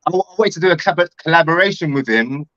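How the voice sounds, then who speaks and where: A middle-aged man talks earnestly in a casual chat, heartfelt and full of slang. His voice is bright and fairly high, and the sound is dry and a bit dull, as if the audio were lo-fi. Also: lively intonation, fast talker, dry recording.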